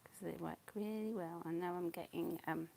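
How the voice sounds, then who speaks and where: Chatty woman painting, gravelly voice. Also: fairly low pitch, fairly even intonation, normal speed, slight background noise. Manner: chatty, rambling, often drifting into soft whispers and giggles. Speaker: painting channel host. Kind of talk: casual chat while painting.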